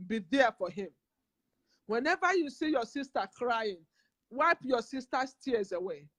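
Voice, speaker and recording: A woman's voice: high voice, a bit bright, no echo. A woman from Nigeria with a Nigerian English accent, making an impassioned, preachy vlog appeal full of repeated phrases. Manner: emphatic, repetitive, preachy. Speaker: community vlogger.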